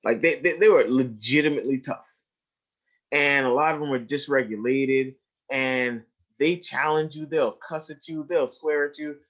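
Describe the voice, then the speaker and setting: A man with a voice of ordinary pitch gives a trauma lecture over a webinar. He tells stories emphatically, slowing and stretching key words, sinking to near-hushes and then lifting up, and keeps checking in with "right?". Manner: emphatic storyteller, swings between hushed and raised, stretched phrases; addresses listeners directly with "right?" and "you see?". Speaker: trauma educator presenting a webinar.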